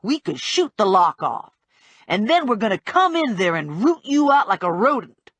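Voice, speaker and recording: A brash female bounty hunter, as a woman reader puts her on for an audiobook, all blunt streetwise slang and an unhurried drawl. The voice is husky and swings widely in pitch, recorded dry and close. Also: big pitch swings, a bit bright, no room sound. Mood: bossy.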